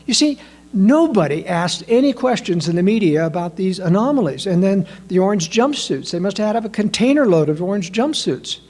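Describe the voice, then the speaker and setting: A man giving a political analysis talk, emphatic and full of rhetorical questions, addressing listeners as ladies and gentlemen. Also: high-pitched, animated, a little fast. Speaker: political commentator.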